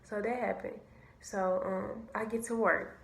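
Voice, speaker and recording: Young woman vlogger, casual storytime, animated and slangy, mid-range voice, roomy echo. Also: mid-range voice, a little slow, vocal fry. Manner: animated, slangy, swears freely. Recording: echoey room.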